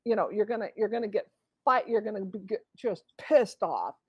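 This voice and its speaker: A woman's voice: medium pitch, normal speed, slightly rough, no echo, dull audio. A woman author as a guest in a conversational interview, acting out inner voices as she explains. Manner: animated, acts out inner voices.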